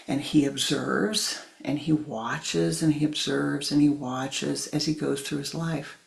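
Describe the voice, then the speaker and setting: Slow, gravelly woman spiritual teacher. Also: deep voice, fairly even intonation. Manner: storytelling, acting out voices, deliberate. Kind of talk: sermon.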